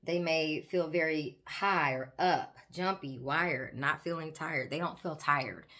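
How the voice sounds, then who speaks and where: A woman nurse practitioner, hosting a chatty, animated educational talk while doing her makeup and speaking straight to viewers. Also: deep voice, slow pace. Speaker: host, psychiatric nurse practitioner. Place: home, doing makeup on camera.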